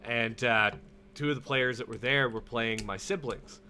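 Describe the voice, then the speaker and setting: Young male co-host, bright forceful voice, animated and profane, faint background noise. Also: medium pitch, normal speed. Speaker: podcast co-host. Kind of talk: casual gaming podcast chat.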